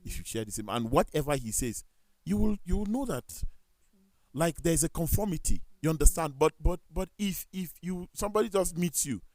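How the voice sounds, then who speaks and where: A man with a Nigerian accent, speaking as a talk show panelist. He tells animated stories, acts out the dialogue, and corrects himself as he goes. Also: fairly high pitch, brisk, no room sound. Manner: animated storytelling with quoted dialogue and self-corrections. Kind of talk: casual studio discussion.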